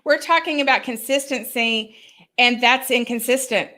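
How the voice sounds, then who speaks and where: Woman explaining parenting stuff, bright slightly high voice, earnest, talks through examples. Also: moderate pace. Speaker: parenting expert guest. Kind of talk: advice talk on a live stream. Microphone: online video call.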